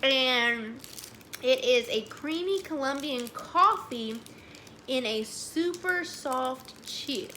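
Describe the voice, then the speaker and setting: A young woman, chatting excitedly as she reviews snacks, saying "y'all" a lot. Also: fairly high pitch, a little hiss or hum. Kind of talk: casual chat.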